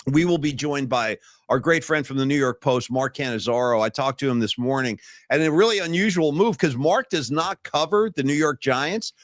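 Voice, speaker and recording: A man's voice: medium pitch, expressive, normal speed, hardly any pauses, dry recording, studio quality. A man co-hosting a sports podcast, talking casually and candidly, rambling through his worries about the game. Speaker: podcast co-host.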